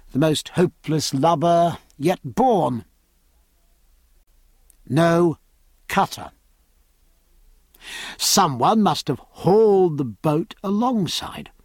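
A male audiobook narrator with a slightly high voice, reading in a measured, steady way. The sound is dry and close, with no room reverb. It suits a long literary novel read aloud. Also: slightly rough.

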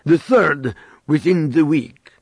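A man voicing a cold, scheming alien male prefect in an audiobook reading, speaking in a measured, menacing way. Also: a little high, darkish tone, breathy edge, no room sound, studio quality, pitched above the performer's own voice, full character voice. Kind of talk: audiobook character voice.

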